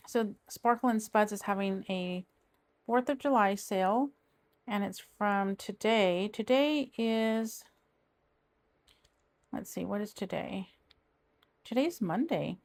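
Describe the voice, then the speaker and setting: A woman's voice: mid-range voice, takes it slowly, long pauses, a little mellow. A middle-aged woman, chatting casually and rambling as she works on a craft project. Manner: rambling, chatty, trails off and restarts. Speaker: crafting vlogger. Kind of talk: casual chat while diamond painting.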